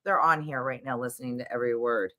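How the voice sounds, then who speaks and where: A woman co-hosting a live show from a hotel room, chatting casually with quick asides and blunt opinions. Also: rumbling low, fairly even intonation, bright, forceful tone. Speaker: co-host of a live daily show. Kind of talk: casual live-stream chat.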